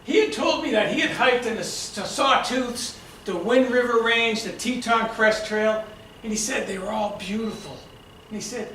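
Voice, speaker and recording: A man with a Boston accent giving a prepared storytelling speech at a club meeting, a lively storyteller who acts out shouted quotes. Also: sits high, normal speed, a little hiss or hum. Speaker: club speaker. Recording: echoey room from far off.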